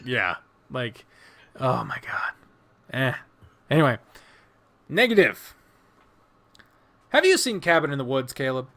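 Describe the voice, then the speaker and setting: A man's voice: mid-range voice, very animated, slow, pauses often, fairly bright tone. Profane, emphatic podcast co-host man. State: tired. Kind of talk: casual podcast chat.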